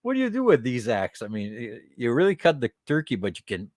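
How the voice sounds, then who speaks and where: A man's voice: mid-range voice, wildly swooping pitch, brisk, darkish tone, no room sound, clean studio sound. A man hosting a podcast, chatting casually about a toy collection, teasing the figures and giggling between remarks, now and then slipping into French. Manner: switches into French at times. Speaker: podcast host.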